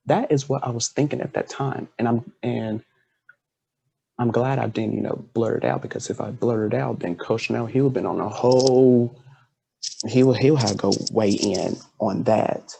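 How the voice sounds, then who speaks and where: Gravelly, husky-voiced male podcast host. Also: mid-range voice, moderate pace, dark tone. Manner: earnest, heartfelt. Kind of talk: casual interview chat.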